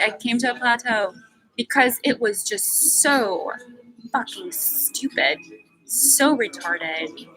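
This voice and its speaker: A woman's voice: a little slow, pushed and bright, low-quality recording. Woman venting over background music. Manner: emphatic, profane venting with sudden pitch jumps. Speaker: livestream host. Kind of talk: unscripted emotional monologue. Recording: music playing behind the voice.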